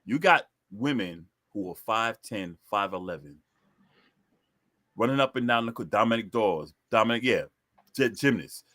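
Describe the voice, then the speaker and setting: Lively-voiced man chatting casually. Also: on the low side, moderate pace. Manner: animated, repeats himself to press a point. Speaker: podcast co-host. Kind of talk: casual chat.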